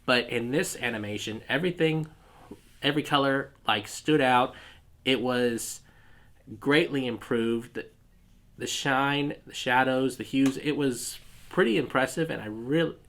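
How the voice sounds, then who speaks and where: A man's voice: mid-range voice, measured pace, fairly bright tone. A man with a stuffy, congested voice gives a casual video review. He rambles, restarts sentences and corrects himself often, talking loosely and informally. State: stuffy nose from a cold. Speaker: YouTube reviewer.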